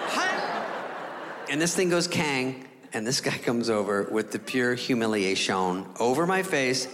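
A male stand-up comic tells a story with a voice that leaps up and down, acting out every exchange with sarcastic asides. His voice carries the long reverb of a big theater, and a loud crowd laughs behind him. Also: medium pitch, very animated, a little slow. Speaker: stand-up comedian. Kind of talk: stand-up comedy routine. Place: live theater stage before an audience. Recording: reverberant live hall with crowd noise. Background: audience laughter.

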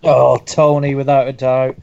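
A man's voice: medium pitch, level tone, unhurried, creaky, mellow, lo-fi sound, slight background noise. A man on a boxing podcast panel, talking hesitantly with lots of ums and uhs. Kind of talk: casual boxing chat.

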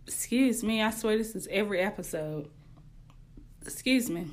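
A woman's voice: mid-range voice, slow, pauses often, a bit bright. A young woman hosting a podcast, giving casual relationship advice in a candid, slangy way and laughing often. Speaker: podcast host.

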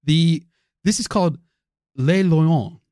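A man's voice: fairly high pitch, slow pace, warm tone, dry recording, clean studio sound. A man hosting a podcast, laughing often and telling a story with enthusiasm. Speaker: podcast host. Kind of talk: casual comedic banter.

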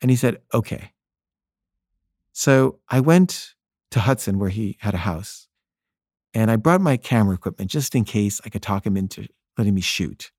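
A filmmaker recounting a personal anecdote in an earnest way, often stumbling into restarts mid-sentence. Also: male voice, fairly low pitch, expressive, normal speed, a little mellow, no room sound, studio quality. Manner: earnest, with frequent stammered restarts.

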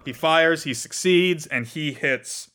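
A man's voice: fairly high pitch, pushed and bright, clean tone. A man running a tabletop game as game master, narrating playfully over background music. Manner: playful, doing quick character voices.

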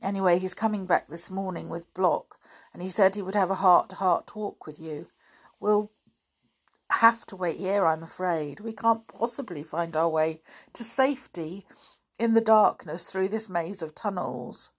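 A woman's voice: on the low side, unhurried, voice pushed up. A woman voicing a bold, indignant schoolboy held prisoner, in a storybook reading. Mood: worried. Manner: indignant, accusing.

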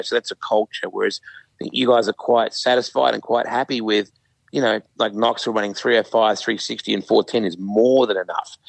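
A man's voice: lowish voice, gravelly, no echo, rough recording. An Australian man in his fifties, a guest in a casual interview, telling stories with lots of fillers. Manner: animated storyteller, frequent fillers.

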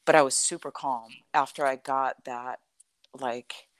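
A middle-aged woman telling a personal story in a conversation, animated and full of "like" and "you know". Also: a bass voice, a little slow, no room sound. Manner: animated, acts out quoted dialogue, frequent "like" and "you know".

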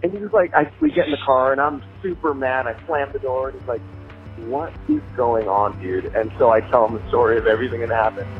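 A man telling a story in a casual, animated way, laughing as he goes and swearing freely. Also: medium pitch, fast talker, hardly any pauses. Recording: tinny phone-like sound with faint music.

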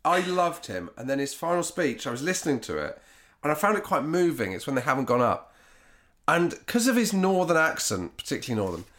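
Rambling, bright-voiced man chatting. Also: fairly high pitch, big pitch swings, fairly quick. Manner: rambling, reflective, lots of 'kind of'. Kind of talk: casual chat.

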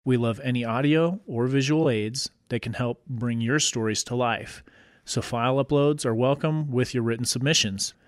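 A man co-hosting a podcast, reading a smooth sign-off script. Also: medium pitch, normal speed, no room sound, clean studio sound. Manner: laughs often, reads outro smoothly. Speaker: podcast co-host. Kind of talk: casual chat and read outro.

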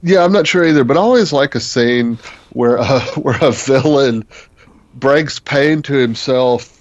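A man's voice: mid-range voice, measured pace, dry recording. A man co-hosting a podcast in a casual chat about a TV episode, agreeing often and stuttering at the start of his sentences. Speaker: podcast co-host. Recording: dry, muffled lo-fi audio.

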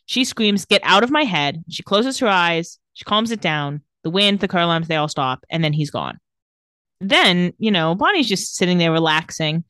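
A woman's voice: lowish voice, big pitch swings, fairly bright tone, clean tone, no echo. Woman recapping scenes, dry close sound. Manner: recaps scenes in a quick, offhand voice with laughs. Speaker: podcast co-host recapping a TV episode. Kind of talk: casual chat.

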